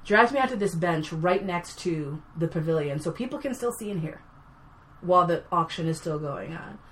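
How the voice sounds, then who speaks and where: A woman and actor telling a story in casual chat, blunt and animated, swearing freely. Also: on the low side, normal speed, a little hiss or hum. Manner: animated and blunt, swears freely, swings loud when excited. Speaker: podcast guest, actor.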